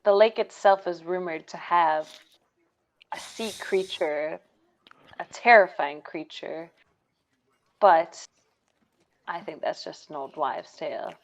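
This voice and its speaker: A charming, eccentric male storyteller in a tabletop game, played by a woman, spinning rambling tales with theatrical flair. His voice sits slightly low. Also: slow pace, long pauses, poor audio. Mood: conspiratorial.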